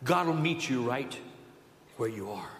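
A man preaching a sermon in a church, building to loud emphatic calls and dropping to soft low asides. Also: lively intonation, unhurried, echoey room, in a large hall. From Southern California. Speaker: pastor. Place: church building on a Sunday morning.

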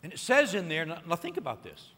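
A man preaching a sermon, telling a story with lively acted-out voices and rising to excited peaks. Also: a little high, fast, slightly rough, in a large hall. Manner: animated storytelling, acting out voices and building to shouted peaks. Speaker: pastor.

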